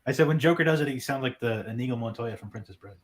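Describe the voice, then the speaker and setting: A man co-hosting a casual stream chat, teasing and quick to laugh. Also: medium pitch, crowd noise. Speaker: co-host.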